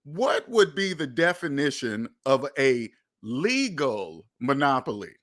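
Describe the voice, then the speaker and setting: A man's voice: medium pitch, sing-song, takes it slowly, fairly bright tone. A man hosting a finance channel, talking casually and emphatically straight to his viewers, repeating points and swearing now and then. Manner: emphatic, repetitive, profane, talks straight to viewers. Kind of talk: casual monologue commentary.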